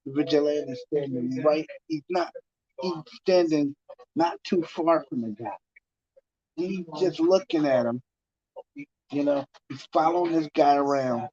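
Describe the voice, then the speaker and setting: A man's voice: fairly high pitch, a little slow, a little mellow. Rambling man telling a story. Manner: rambling, repeats himself, many fillers. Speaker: TV talk guest telling a story. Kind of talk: casual anecdote storytelling. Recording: muffled lo-fi sound.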